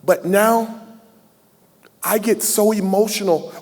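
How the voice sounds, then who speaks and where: A man in his sixties speaks from the podium at a scholarship gala, heartfelt and folksy, slipping in jokes as he opens the floor to questions. His voice sits a little high for a man. A long ballroom reverb trails after every phrase. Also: fairly even intonation, slow pace, darkish tone. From Southern United States. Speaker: keynote speaker. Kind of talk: emotional speech at a gala, taking audience questions. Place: large banquet hall.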